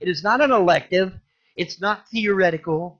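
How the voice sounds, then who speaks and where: A man delivering an angry, profane rant, cursing loudly and repeating himself. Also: high-pitched, normal speed. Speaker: ranting video creator. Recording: dull lo-fi audio.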